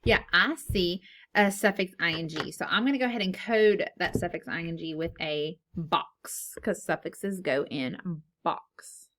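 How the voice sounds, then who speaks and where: A woman's voice: lowish voice, takes it slowly, fairly bright tone. A woman teaching a phonics lesson to young children, patiently asking questions and then answering them herself.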